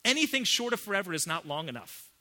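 Bright-voiced man preaching. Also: high voice, big pitch swings, fast talker. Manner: emphatic preaching with wide swings from hushed to loud. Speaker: pastor. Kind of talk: sermon.

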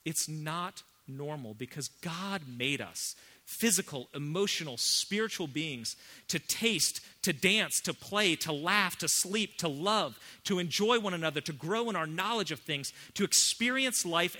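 A man preaching a sermon as pastor, emphatic, swinging between hushed and loud. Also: a little high, animated, unhurried.

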